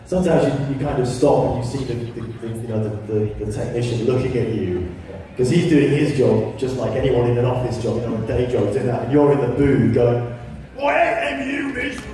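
A man with a mellow, warm tone shares chatty, self-deprecating stories from his voice work. His voice rings through a large convention hall, captured from a distance. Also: medium pitch, brisk, few pauses. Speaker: panel guest voice actor. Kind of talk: convention panel talk. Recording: echoey hall, distant mic.

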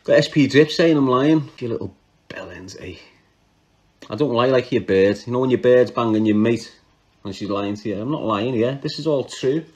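Man, scouse accent, casual storytelling, slangy, laughs a lot, mid pitch. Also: normal speed. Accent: Liverpool (Scouse). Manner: animated, laughs often, slangy, restarts mid-sentence. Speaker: podcast storyteller. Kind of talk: casual true-crime storytelling.

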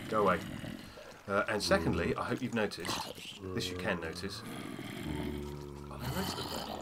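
A man chats through a game session in casual let's-play commentary, his pitch rising and falling a lot. He keeps up a string of "oh dear" asides. Steady background noise hangs over the home recording. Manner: chatty, given to "oh dear" asides. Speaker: gamer.

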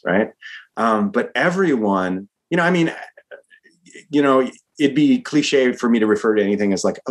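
A man, a screenwriter being interviewed, talking in an energetic, rambling way and calling the host dude and man. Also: medium pitch. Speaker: screenwriter guest. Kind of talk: casual interview chat.

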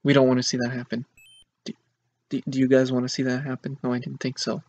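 A man with a medium-pitched, darkish voice narrates his own gameplay in a let's play, speaking fast with a completely flat delivery. He complains dramatically and with exasperation about a hard level. The lo-fi mic sounds dull, and faint game music plays underneath.

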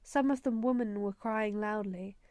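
A woman reading a novel aloud as an audiobook in a steady storytelling manner. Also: mid-range voice, normal speed, dry recording. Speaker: audiobook reader. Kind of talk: audiobook narration.

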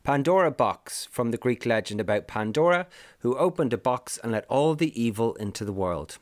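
A man's voice: mid-range voice, lively intonation, normal speed, no room sound, studio quality. A man doing scripted narration for a video, running through a list of names with brief wry asides. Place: lives in the UK.

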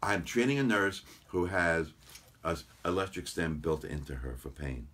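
Deep husky-voiced man telling stories. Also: normal speed. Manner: animated anecdotes, quotes patients in voices. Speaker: chiropractor guest. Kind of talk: casual interview storytelling.

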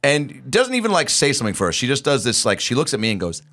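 A man's voice: mid-range voice, quick pace. A man telling a story in casual chat, acting out the people in it as he goes. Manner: animated, imitates people mid-story.

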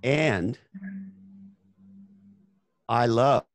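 A man's voice: mid-range voice, very slow, dry recording. A Canadian man hosting a casual conversation, talking bluntly and swearing freely as he tells stories. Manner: blunt, profane, storytelling. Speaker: host.

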